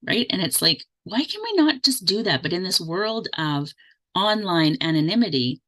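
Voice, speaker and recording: A woman's voice: lowish voice, very animated, moderate pace, a bit bright. A woman hosting an interview, reflecting on kindness and asking her guest open questions. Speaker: host. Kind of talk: casual interview chat.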